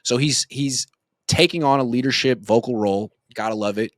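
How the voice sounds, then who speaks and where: A man's voice: mid-range voice, moderate pace, no echo, studio quality. A man in his thirties giving casual sports commentary as a rambling, joking storyteller. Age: 30s.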